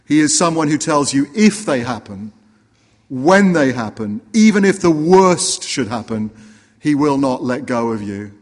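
Earnest preacher in an echoing hall. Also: male voice, mid-range voice, big pitch swings, unhurried. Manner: earnest, rising for emphasis, dropping to quiet. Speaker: pastor. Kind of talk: sermon.

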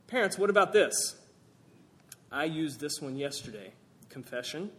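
A man preaching a sermon, animated, swinging from raised emphatic lines to quiet low asides. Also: unhurried, pauses often. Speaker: pastor.

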